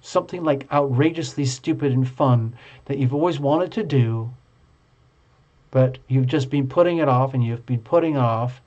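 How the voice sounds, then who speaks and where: Man, tarot reader, live stream, chatty, playful, mid-pitched, dull lo-fi audio. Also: a little mellow. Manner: chatty and playful, reads card text aloud slowly.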